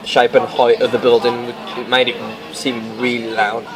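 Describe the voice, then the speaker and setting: A man from Halifax, England, co-hosting a casual podcast in a laid-back, agreeable way, recorded in a fast-food restaurant. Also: mid-range voice, little pitch movement, crowd noise. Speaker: podcast co-host. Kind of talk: casual chat. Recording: noisy crowded restaurant.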